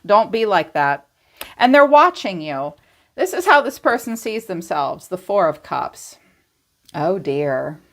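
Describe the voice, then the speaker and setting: A woman's voice: mid-range voice, sing-song, slow. A woman giving a casual tarot reading, talking straight to her viewers in a blunt, chatty way. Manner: blunt, chatty, swings into playful quoted voices. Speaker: tarot reader.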